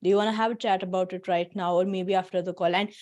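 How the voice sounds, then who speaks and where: A woman's voice: fairly low pitch, fairly even intonation, fast, a little mellow. Chatty woman hosting a video call. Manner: chatty, laughs often, encouraging. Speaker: workshop host. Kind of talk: casual workshop talk on a video call. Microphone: computer mic on a video call.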